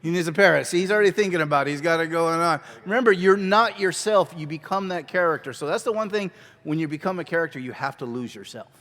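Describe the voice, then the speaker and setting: A man leading a church skit class, coaxing volunteers in a lively way and laughing often. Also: on the high side, fast talker, long reverb tail. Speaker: drama workshop teacher. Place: church hall.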